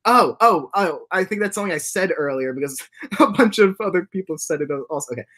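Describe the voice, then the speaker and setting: A man hosting a casual livestream, rambling through his thoughts and reading chat comments, with many restarts and repeated words, and often jumping up into high, giddy laughing bursts. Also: animated, fast, bright, forceful tone. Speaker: livestream host and animation creator.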